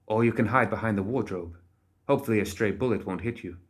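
A cold, composed necromancer woman, read by a man in an audiobook. She speaks quietly, in short, clipped lines. The voice sits fairly low. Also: fast, lightly acted. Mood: curt.

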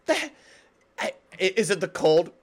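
A young man co-hosting a casual sports podcast, excitable and giggly, tripping over and repeating his words. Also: sits high, normal speed. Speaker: podcast co-host.

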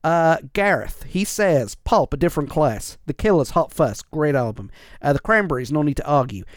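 A man's voice: fairly high pitch, lively intonation, normal speed, no room sound. Give me a man hosting a solo podcast, casual and cheerful, recorded close and dry. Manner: reads out listener lists with upbeat asides. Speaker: podcast host.

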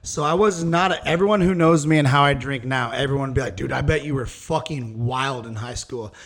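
A man's voice: on the high side, fairly bright tone. A young man co-hosting a podcast, telling stories in a profane, casual way and saying "dude" often. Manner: profane, storytelling, says "dude" a lot. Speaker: podcast co-host. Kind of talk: casual chat.

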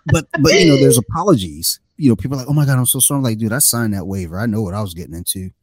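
A man's voice: mid-range voice, racing, husky, dry recording. A man hosting a podcast, chatting casually and telling self-deprecating stories. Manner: relaxed, self-deprecating storyteller. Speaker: podcast host. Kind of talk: casual chat.

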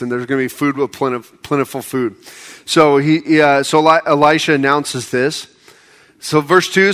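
Preaching in a conversational style, this middle-aged American pastor mixes joking asides with appeals that grow impassioned. He has a slightly high, fairly bright voice.

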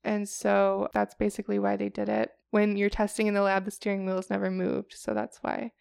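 A woman's voice: medium pitch, monotone, brisk, vocal fry, a little mellow, clean tone, dry recording, clean studio sound. A woman co-hosting a podcast, telling a story in casual chat, chatty and laughing often as she acts out quotes. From Chicago. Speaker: podcast co-host.

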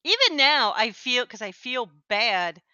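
A woman's voice: on the high side, big pitch swings, measured pace, bright, forceful tone, clear, resonant tone, no room sound. A woman co-hosting a podcast in casual chat, talking in a chatty, self-deprecating way and laughing easily. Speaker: podcast co-host. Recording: slightly dull lo-fi sound.

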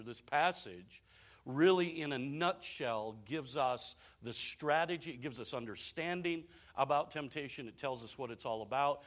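A male pastor preaching a sermon in a casual, repetitive way that builds to emphatic peaks. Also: mid-range voice.

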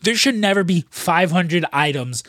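A young podcast co-host rambles and swears through jokey stories, slipping into put-on voices for quotes. His voice sits high with lively intonation at normal speed and a fairly bright tone, recorded in clean studio sound with no echo.

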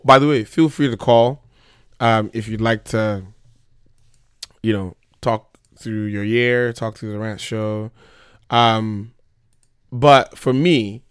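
A man's voice: medium pitch, a bit bright, clear, resonant tone, no room sound, clean studio sound. A man hosting a casual call-in podcast, sick and losing his voice, joking and rambling with laughs. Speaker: podcast host.

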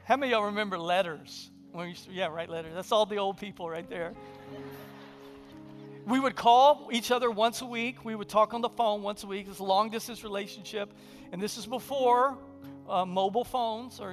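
A man preaching a sermon in a conversational, humorous storytelling way, sometimes dropping to a hushed, intimate delivery. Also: high voice, a little fast, soft background music. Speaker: pastor.

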